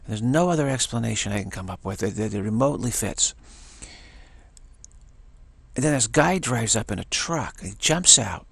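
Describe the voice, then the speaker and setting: A man's voice: mid-range voice, animated, moderate pace, creaky, pauses often, a bit bright, breathy edge, dry recording. A man telling a rambling, enthusiastic story in a casual monologue, often restarting his sentences.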